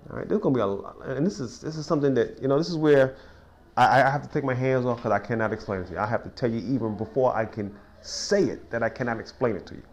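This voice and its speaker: Speaking fast at a medium pitch, a man guides a verse-by-verse Bible study in a small cafe. He's informal and folksy, keeps restarting and saying "you know," and gets worked up telling sports stories.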